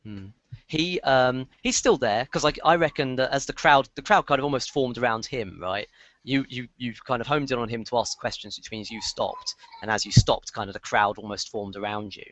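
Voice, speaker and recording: A man narrating as game master of a tabletop game, rambling with many pauses and restarts. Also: mid-range voice, fairly bright tone, no room sound.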